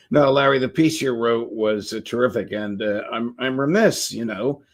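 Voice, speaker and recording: A man hosting a political interview show, speaking in a measured way with frequent pauses. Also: medium pitch. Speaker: host.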